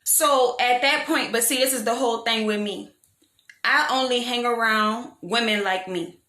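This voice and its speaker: A young woman telling a storytime vlog in a frank, animated, slangy way, poking fun at herself. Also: a little high, moderate pace. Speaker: vlogger. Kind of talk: casual storytime monologue. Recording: echoey room.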